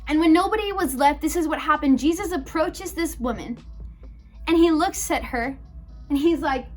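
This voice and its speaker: A young woman preaching to a youth group in a loose, conversational storytelling style. Her voice sits fairly high and she keeps a chatty, animated flow. Soft music plays faintly behind her. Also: normal speed. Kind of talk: casual youth sermon, storytelling.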